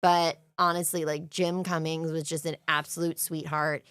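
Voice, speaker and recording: A young woman co-hosts a casual podcast chat, recounting things with gushing, emotional enthusiasm. Her voice sits on the low side. The recording is dry and close, with no room sound. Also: little pitch movement, moderate pace, fairly bright tone, clean tone, no room sound. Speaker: podcast co-host.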